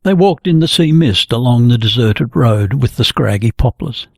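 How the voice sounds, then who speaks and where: A male narrator reads a novel in a measured, steady way, his voice gravelly with a husky edge. The recording is close and dry, with no room echo. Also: mid-range voice. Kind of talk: audiobook reading.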